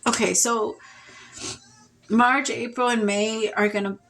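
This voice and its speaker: A woman's voice: on the high side, steady tone, slow, fairly bright tone, a little hiss or hum. A woman giving a casual tarot reading, speaking in an emotional, rambling way with sighs and restarts. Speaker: tarot reader.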